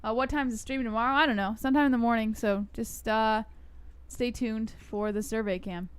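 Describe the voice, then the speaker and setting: A woman co-hosting a live stream, briskly reading out chat messages. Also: a little high, fairly even intonation, clear, resonant tone.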